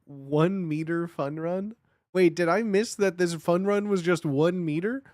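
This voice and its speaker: A man streaming casual reaction commentary, excitable and slangy, often repeating himself. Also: sits high, measured pace, no room sound, studio quality.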